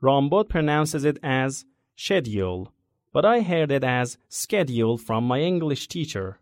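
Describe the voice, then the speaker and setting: Brief: a man with a fairly high, very lively voice, eager student in a scripted English lesson dialogue. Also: normal speed, no echo. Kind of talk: scripted conversation for English learners.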